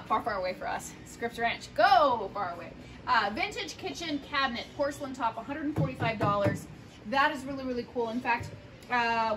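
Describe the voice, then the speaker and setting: A woman's voice: fairly high pitch, fairly bright tone, slight background noise. A woman casually walking through an antique shop, listing prices in a chatty, playful way with jokey asides. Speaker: shop host touring sale items. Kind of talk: casual product walkthrough.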